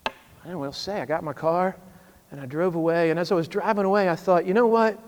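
A man's voice: high voice, quick pace, long reverb tail. A man in his thirties, a pastor telling a story in a sermon, conversational with wry asides.

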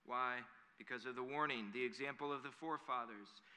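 Bright-voiced preacher in an echoing hall. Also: male voice, mid-range voice, brisk. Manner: earnest, building to emphatic preaching. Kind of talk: sermon. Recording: long hall reverb.

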